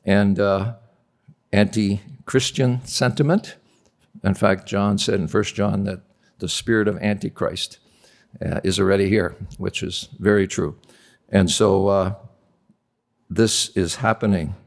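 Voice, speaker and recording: Gravelly-voiced male pastor preaching. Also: lowish voice, fairly even intonation, unhurried, long pauses. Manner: emphatic, repeats key words for stress. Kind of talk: sermon. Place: convention hall.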